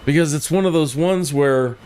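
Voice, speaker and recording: A man's voice: on the high side, moderate pace, a little mellow. Chatty man streaming, faint hum behind. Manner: rambling, chatty, addresses viewers directly. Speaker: flight sim streamer. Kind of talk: casual livestream chat.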